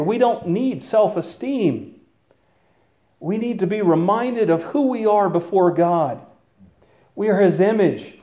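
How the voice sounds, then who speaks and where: A man's voice: high voice, mellow. A young adult man preaching an earnest sermon, rising into exclamations. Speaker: pastor.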